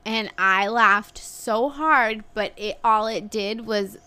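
A woman in her thirties co-hosts a podcast, chatting casually and telling a story packed with "like", acting out what people said and swearing now and then. Her mid-range voice is pushed, bright, clear and resonant, and she takes her time.

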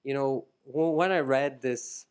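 An Irish man hosting a casual podcast, talking in an animated way and reading passages aloud with emphasis. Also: mid-range voice, unhurried, smooth. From Ireland. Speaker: podcast host.

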